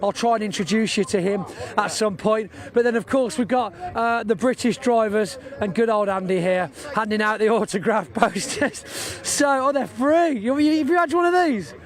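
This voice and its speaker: A man presenting live while walking around an outdoor race circuit, chatting and joking with guests. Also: sits high. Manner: chatty, jokey, quick asides. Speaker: trackside presenter.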